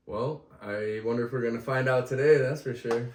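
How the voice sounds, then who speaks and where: A relaxed man in his thirties chatting casually with family on a vlog. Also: mid-range voice, fairly quick, recorded from a distance. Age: 30s. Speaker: guest family member. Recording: echoey room, away from the mic.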